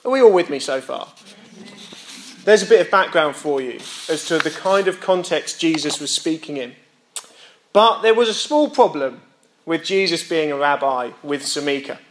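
Young male preacher, high voice, explanatory sermon delivery, asks the audience questions. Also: animated, normal speed, a little hiss or hum. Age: young adult. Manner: explains and checks in with listeners; reads scripture aloud and voices rhetorical questions.

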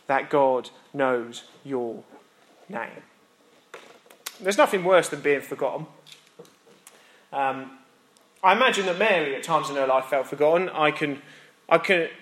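A British man preaching a sermon, earnest with emphatic pauses and wry self-deprecating humor. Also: on the high side, expressive, a bit bright, roomy sound. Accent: British English.

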